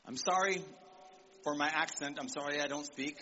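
An animated male preacher delivering a sermon to young people, with a high, bright voice. He calls out for amens and acts out quotes as he goes. The recording sounds a bit muffled, with a faint hiss behind him. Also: moderate pace. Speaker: visiting preacher. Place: church service in Nigeria.

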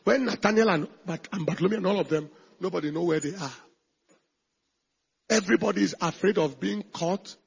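A male pastor preaching a sermon with emphasis, shifting between shouted lines and hushed asides. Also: high voice, fairly quick, creaky, slightly rough, muffled recording.

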